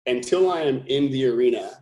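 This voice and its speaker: A man's voice: medium pitch, expressive, brisk, darkish tone. Earnest man in an echoey room. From California, USA. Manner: earnest, emphatic, thinking aloud with restarts. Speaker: company founder and CEO, guest. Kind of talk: podcast interview. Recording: roomy echo.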